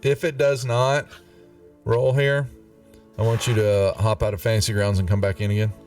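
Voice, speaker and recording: A man running a tabletop game as game master, chatty and quick to laugh, often stopping to restart his sentences. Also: lowish voice, flat delivery, a little mellow, distant mic, soft background music.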